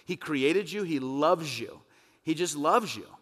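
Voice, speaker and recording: A man preaching a sermon as pastor, impassioned and emphatic, rising to forceful peaks. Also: on the high side, expressive, measured pace. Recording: long reverb of a church hall.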